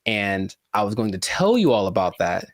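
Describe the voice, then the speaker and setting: A man's voice: fairly low pitch, very animated, normal speed, no room sound. Guy cohosting a podcast, jokey and dramatic, repeats himself, dry close mic. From California. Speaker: podcast co-host. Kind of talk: casual podcast chat.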